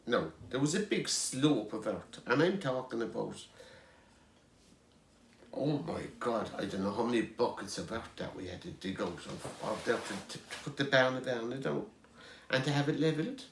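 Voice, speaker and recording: Gravelly Irish man telling family stories. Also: mid-range voice, lively intonation, moderate pace, echoey room, slight background noise. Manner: rambling, chuckling anecdotes with restarts. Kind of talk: storytelling.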